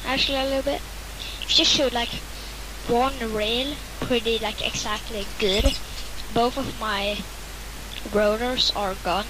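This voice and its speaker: A woman's voice: on the high side, steady tone, unhurried, long pauses, noisy background. A woman joining a game stream as a fellow player, offhand and a bit hesitant. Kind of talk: casual gaming chat.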